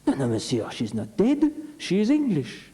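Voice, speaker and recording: A man voicing a haughty French lover who protests in an offended, high voice. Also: wildly swooping pitch, normal speed, background noise. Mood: indignant. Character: indignant French lover in the grass.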